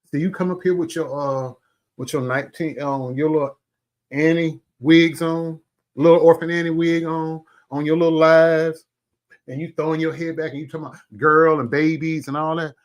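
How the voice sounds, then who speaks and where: A man vlogger delivering an angry, profane call-out rant, swinging from loud outbursts to low muttering and eating as he talks. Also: level tone, normal speed. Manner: eats while talking. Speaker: commentary vlogger.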